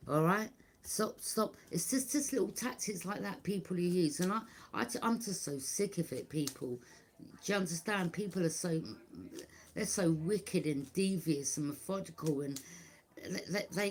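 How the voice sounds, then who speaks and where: A middle-aged woman, talking bluntly and repetitively to her viewers as a tarot reader. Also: fairly low pitch. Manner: blunt, repetitive, keeps asking "do you understand". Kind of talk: casual monologue to viewers.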